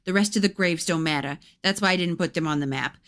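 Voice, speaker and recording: Woman reading a mercenary ghost-hunter guy, blunt and matter-of-fact, a touch low. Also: fast talker, a bit bright, lightly acted. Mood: insistent. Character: slick, mercenary adult male ghost hunter. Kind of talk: reading a gamebook aloud with voices.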